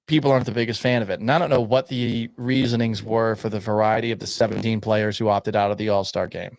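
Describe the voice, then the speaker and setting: A male sports radio host with a sore throat, speaking in a subdued, near-monotone way with dry humor in a studio. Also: fairly low pitch, quick pace, few pauses, dry recording. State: sore throat, swollen tonsils. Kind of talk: sports talk radio monologue.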